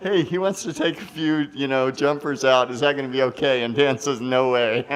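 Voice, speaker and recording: A man's voice: mid-range voice, moderate pace. Male guest in his fifties, mid-range voice, loose rambling delivery. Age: 50s. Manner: rambling, many fillers and restarts. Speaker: interview guest. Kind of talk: anecdotal interview.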